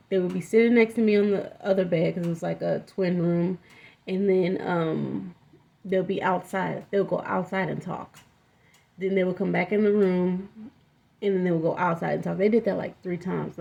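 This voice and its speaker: A woman's voice: fairly low pitch, fairly even intonation, normal speed, creaky, dark tone. A young woman telling a personal story in a candid, rambling, profane way, with lots of fillers. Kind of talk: casual storytime vlog. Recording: dull lo-fi audio.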